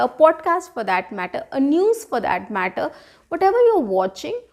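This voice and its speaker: A woman gives a spoken lesson in a high voice. She explains patiently, repeating her points and checking in with "right?" as she goes. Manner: explains with repetition, keeps asking "right?". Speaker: English teacher.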